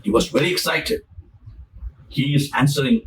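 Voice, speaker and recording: A man's voice: medium pitch, lively intonation, moderate pace, far from the mic, a little hiss or hum, rough recording. A man preaching a sermon, repeating his phrases for emphasis and acting out the scripture as he goes. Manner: repetitive, emphatic, dramatizes scripture.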